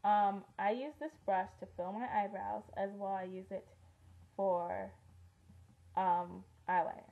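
A woman's voice: medium pitch, fairly even intonation, measured pace, creaky, narrow, tinny audio. A teenage girl chatting through a casual beauty favorites vlog, rambling with lots of ums and likes. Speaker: beauty vlogger.

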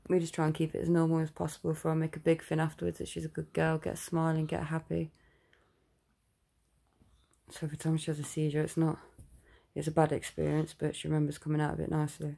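A mother in a home video, gently coaxing her baby in sing-song baby talk and calmly explaining to the camera. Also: deep voice, quick pace, creaky.

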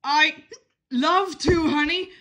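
A woman's voice: high voice, takes it slowly, sharp tone, exaggerated voice. A woman voicing a flustered puppet who has the hiccups and keeps sighing and dithering in an amateur puppet show. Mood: fretful.

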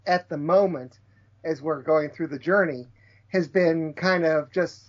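A podcast co-host talking in a hesitant, halting casual chat. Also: mid-range voice. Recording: dull lo-fi audio.

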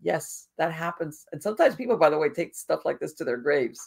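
A podcast host chatting eagerly with a guest, adding quick interjections. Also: medium pitch, lively intonation, creaky, husky. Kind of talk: casual interview chat.

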